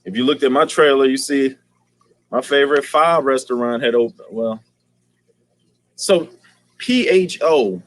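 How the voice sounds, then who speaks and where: A man's voice: medium pitch, unhurried, long pauses, a bit bright, no echo. Slangy man hosting a fish livestream. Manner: slangy, greets viewers by name, laughs often. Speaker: aquarium livestream host. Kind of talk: casual livestream chat.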